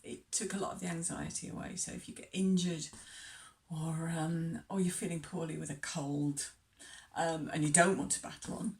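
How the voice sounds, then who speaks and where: Lowish woman vlogger, off-mic. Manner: hesitant, many ums, chatty asides. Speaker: travel vlogger. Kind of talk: casual talk to camera. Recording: distant mic.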